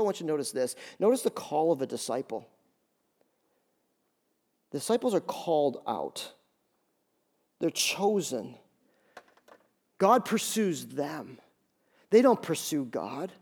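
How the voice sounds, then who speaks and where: Male pastor, higher register, emphatic sermon delivery, acts out quoted lines. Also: darkish tone. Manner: emphatic preaching with repeated phrases.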